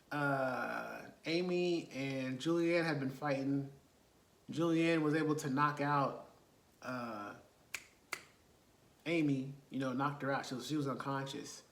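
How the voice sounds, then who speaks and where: A man's voice: fairly high pitch, fairly bright tone, reverberant. A man, casually retelling a movie plot with laughs and rhetorical asides. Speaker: movie reviewer.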